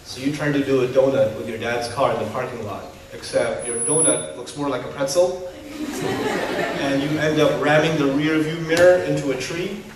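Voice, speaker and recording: Animated preacher in an echoey hall. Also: male voice, mid-range voice, moderate pace, noisy background. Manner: animated, mimics parents and kids, humorous asides. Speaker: Muslim preacher. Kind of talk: sermon. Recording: roomy hall echo from a distance.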